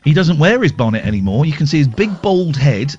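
A man's voice: on the high side, sing-song, fairly quick, a little mellow, breathy edge, soft background music. A man hosting a radio show from home, joking and teasing, rambling with lots of fillers. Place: home, with kids nearby. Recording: muffled remote radio sound.

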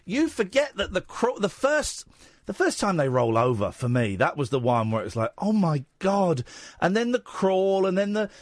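A man hosting a radio phone-in in the studio, talking in an animated, emotional way. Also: normal speed, dry recording. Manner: animated, warm and emotional, swings in pitch. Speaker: radio host. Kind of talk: late-night radio phone-in. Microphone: studio microphone.

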